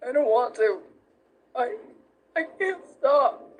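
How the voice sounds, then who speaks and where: A woman's voice: high-pitched, slow, exaggerated voice, low-quality recording. A woman voicing a weary, despairing little skeleton boy who speaks reluctantly in a fan comic dub. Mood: distraught. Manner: flat, reluctant, then tearful.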